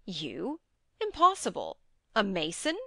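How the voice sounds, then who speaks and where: A woman's voice: medium pitch, sing-song, moderate pace, a bit bright, no room sound, clean studio sound. A woman voicing a drunken, proud middle-aged nobleman in an audiobook reading.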